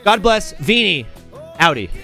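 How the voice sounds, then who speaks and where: A man's voice: high voice, unhurried, gravelly, faint music behind. A man hosting a casual live sports talk show, rambling and jokey, often stopping and restarting his sentences. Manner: animated, rambling, self-interrupting, jokey.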